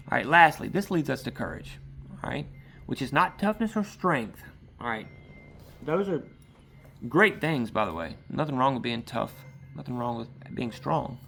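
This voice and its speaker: A man with a gravelly, fairly bright, medium-pitched voice gives an informal sermon outside in a yard, against slight background noise. His delivery is conversational and rambling, full of asides and repeated "all right."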